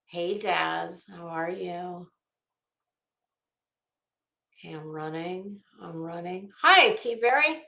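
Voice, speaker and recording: A woman's voice: lowish voice, slow, vocal fry, long pauses, pushed and bright, reverberant. A middle-aged woman hosting a casual livestream, blunt and chatty, greeting viewers by name. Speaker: livestream host.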